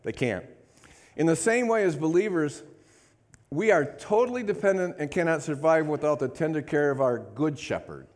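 A man preaching a sermon, calling out "amen?" to the congregation and swinging between quiet asides and loud declarations. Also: a little high, animated, moderate pace. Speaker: pastor.

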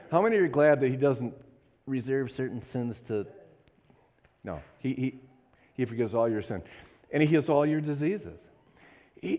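A man's voice: a little high, a little mellow. A man preaching a sermon to a congregation, fervent, repeating phrases and calling out to the room. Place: church service.

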